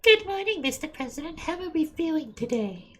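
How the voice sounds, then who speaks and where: A man voicing a pushy female self-improvement coach in a high, sing-song falsetto, lecturing while reading game dialogue aloud. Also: sing-song, fairly quick. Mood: chirpy.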